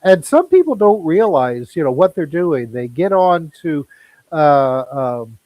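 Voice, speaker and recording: A man's voice: on the high side, very animated, measured pace, no room sound, lo-fi sound. A man speaking as a guest in a casual chat, explaining things in a conversational way with many fillers.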